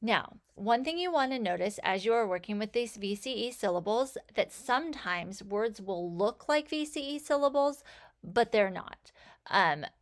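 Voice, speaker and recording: A woman teaching a phonics lesson, sounding out letters and words with slow, clear enunciation. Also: medium pitch, lively intonation. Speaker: reading teacher.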